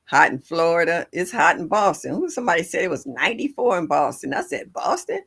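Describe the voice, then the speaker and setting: Older lady hosting a garden livestream, folksy and chatty, raspy edge, laughs a lot. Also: fairly low pitch, expressive, fast, fairly bright tone. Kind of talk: casual chat with live viewers. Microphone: livestream setup.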